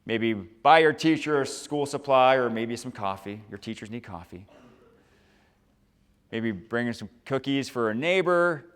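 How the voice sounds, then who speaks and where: A man giving a lively, upbeat motivational talk to a high school audience and asking the crowd questions. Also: measured pace. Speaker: motivational speaker. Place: large school hall. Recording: long reverb from a large hall.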